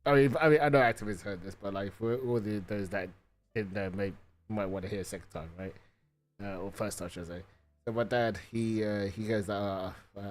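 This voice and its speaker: A man's voice: on the low side, steady tone, a little fast, a little hiss or hum. A man streaming live, chatting casually with viewers in a rambling way, full of fillers, swearing and "right?".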